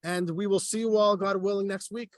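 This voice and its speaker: Rabbi with a high, animated voice, acting out dialogue in a dry, close recording. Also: male voice, brisk, no room sound. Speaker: rabbi teaching a class. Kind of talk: storytelling Torah class.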